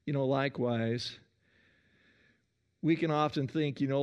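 A man preaching a sermon in an earnest way, often calling "listen" and pausing between phrases. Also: mid-range voice, fairly even intonation, vocal fry, darkish tone. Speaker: pastor.

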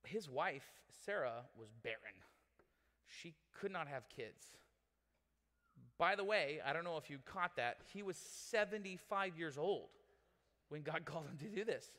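A man's voice: on the high side, unhurried. A male pastor preaching a sermon in a casual, joking, conversational way. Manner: conversational, animated, joking with the audience. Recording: long reverb in a large hall.

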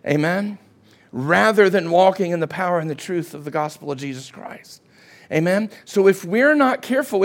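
High-voiced preaching pastor. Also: male voice. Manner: preachy, keeps asking "Amen?"; rises to shouting at climaxes. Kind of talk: sermon.

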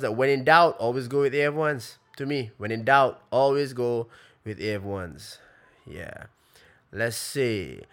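A man's voice: medium pitch, fairly bright tone. A man, answering fan questions in a loose, slangy live chat on his phone, repeating phrases while he thinks. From Malaysia.

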